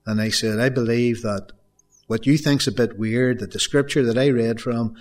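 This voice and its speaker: A man's voice: medium pitch, steady tone, moderate pace, darkish tone. A middle-aged man preaching a sermon, telling a story and repeating phrases for emphasis. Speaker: pastor.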